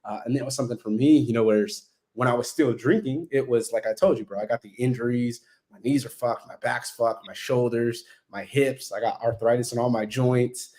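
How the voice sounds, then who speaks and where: A man rattling along quickly as a podcast guest. He talks in a blunt, animated way, swears freely, and slips into the voices of others as he retells conversations. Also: mid-range voice. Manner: heavy swearing, blunt and animated, acts out quoted exchanges.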